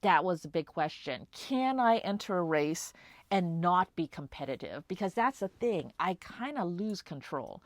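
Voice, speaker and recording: A woman's voice: fairly low pitch, a bit bright. A woman talking through a personal story in a casual vlog, reflective and rambling with lots of fillers. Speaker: vlogger.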